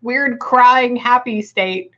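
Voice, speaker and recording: A woman working as a psychic medium, reading for a sitter and relaying messages in halting bursts, often pausing to say hang on. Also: fairly high pitch, fairly bright tone, lo-fi sound.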